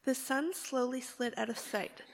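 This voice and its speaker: A woman reads a children's Bible story aloud in an expressive storybook manner. Her voice sits a little high with a gravelly fry running through it. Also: measured pace, slight background noise. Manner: expressive storybook reading with sheep bleats.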